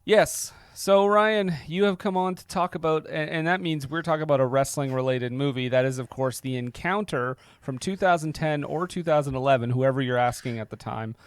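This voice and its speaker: A man's voice: fairly high pitch, fairly quick, few pauses, clean tone, dry recording. Playful male podcast host, dry close mic. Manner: playful, mock-announcer. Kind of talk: casual chat.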